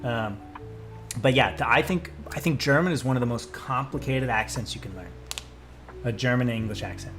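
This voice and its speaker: A young man, a streamer and voice actor, chatting casually with his live chat, excitable and swearing freely as he drifts into tangents. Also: mid-range voice, normal speed, faint music behind.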